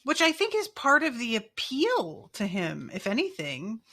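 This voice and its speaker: Giggly, bright-voiced woman podcast host. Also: a little high, wildly swooping pitch, unhurried. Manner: giggly, rambling, self-mocking. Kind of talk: casual chat.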